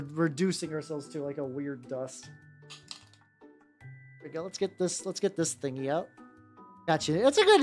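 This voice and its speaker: A young woman streaming and chatting casually while she paints, rambling with lots of "like" and self-interruptions. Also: deep voice.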